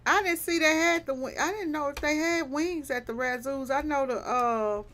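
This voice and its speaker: A high-pitched, slightly bright-voiced woman talks at a normal speed during a casual livestream. She playfully teases viewers in Southern slang and keeps cracking up with big laughs.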